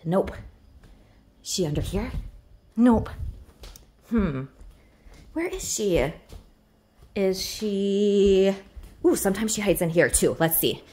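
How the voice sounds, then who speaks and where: This mom in her thirties, making family kids' videos, does pretend play with her child, fussing over her like a baby in an exaggerated sing-song. Her mid-range voice is husky and darkish, animated yet slow, with frequent pauses.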